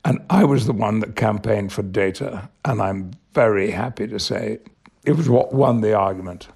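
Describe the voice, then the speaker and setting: An older man from Yorkshire, an actor telling stories in an interview in a measured, articulate way with chuckles. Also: fairly low pitch, gravelly, a little mellow, husky. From England, Yorkshire. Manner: measured, articulate, laughs through anecdotes. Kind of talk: reflective storytelling.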